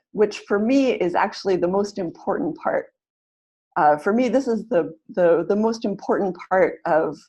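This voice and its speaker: Leading drills and clapping exercises in an online pronunciation webinar, this teacher stays encouraging and frequently repeats her phrases. Her voice sits on the low side, a little mellow with a breathy edge.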